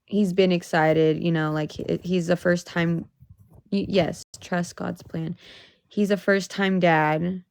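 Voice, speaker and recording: A woman's voice: fairly low pitch, steady tone, slow, vocal fry, a little mellow, no room sound. A young woman venting on a casual livestream, emotional and swearing, rising into exasperated outbursts.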